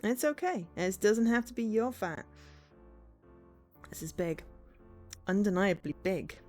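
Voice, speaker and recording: A woman voicing a calm, caring angel guide in a put-on American accent, gentle and earnest, over faint game music. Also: mid-range voice, unhurried, lightly acted. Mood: soothing.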